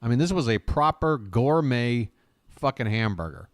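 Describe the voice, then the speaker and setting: A man's voice: mid-range voice, animated, moderate pace, no echo, clean studio sound. An American man hosting a live stream from his home, rambling casually and chatting with viewers by name, with some swearing. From United States. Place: home abroad, living in Bangkok.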